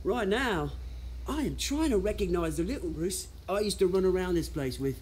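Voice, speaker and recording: A man's voice: sits high, expressive, normal speed, darkish tone, a little hiss or hum. An actor with a British accent playing a brash, resentful young man who has lost his family fortune, in a video game. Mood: nostalgic. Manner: swaggering, resentful, theatrical.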